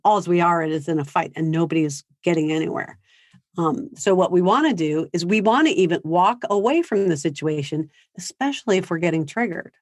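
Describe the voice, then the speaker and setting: Her voice sits on the low side in this dry, studio-quality recording. She's a parenting speaker giving a conversational seminar talk at a high school, acting out what teens and parents say.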